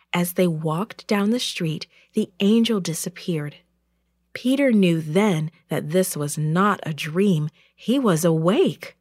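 A woman storyteller reads a children's Bible story clearly and expressively. Her voice rises and falls widely at a slow, deliberate pace, recorded close and dry. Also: fairly low pitch, a little mellow, no echo.

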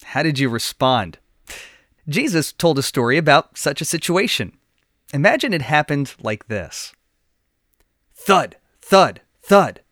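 A man hosting a children's Bible lesson podcast, reading a story aloud in a clear, friendly storytelling voice. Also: on the high side, big pitch swings, moderate pace, a bit bright, no room sound, studio quality. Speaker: podcast lesson host and narrator. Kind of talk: scripted narration.

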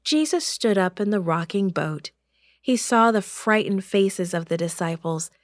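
Slow, expressive woman storyteller. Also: mid-range voice, no room sound, studio quality. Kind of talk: children's Bible story narration.

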